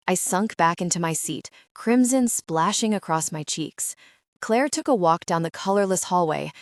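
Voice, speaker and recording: Woman narrator for a romance audiobook, lower voice, dry close sound, steady first-person read. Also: dry recording.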